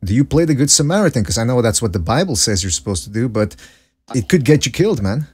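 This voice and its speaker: A man with a husky, slightly breathy voice talks loosely on a podcast. He recounts events in a rambling way, circling back and restarting his sentences as he goes. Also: medium pitch, sing-song, fast talker, darkish tone. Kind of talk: casual chat.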